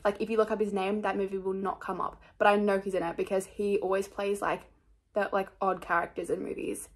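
A young woman chatting casually about her book picks in a rambling, scattered, self-mocking way, full of fillers. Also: mid-range voice. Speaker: book vlogger. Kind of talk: casual chat.

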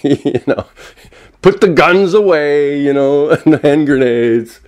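A man in his seventies ranting alone at home, swearing a lot and swinging between angry outbursts and a soft, mock-gentle tone. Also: fairly high pitch, takes it slowly. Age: 70s. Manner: frequent swearing and self-mocking laughs. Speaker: vlogger. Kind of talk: unscripted solo rant. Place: walking around indoors at home.

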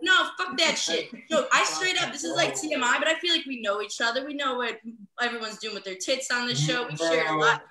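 A young Midwestern woman does a profane stand-up set over a video call, laughing through her own jokes. Her high, expressive voice moves a little fast, with crowd noise and a roomy echo around it.

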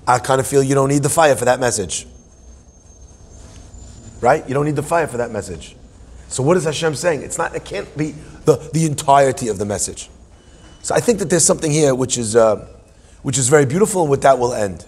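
A man's voice: mid-range voice, expressive, brisk, long pauses, a little mellow, slightly rough. A man teaching a humorous Torah class in a playful, musing way, full of self-deprecating asides.

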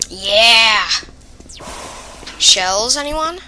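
A woman giving chatty, excitable, rambling commentary while playing a video game. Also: medium pitch, moderate pace, long pauses, slight background noise, rough recording. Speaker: let's play gamer. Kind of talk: casual gameplay commentary.

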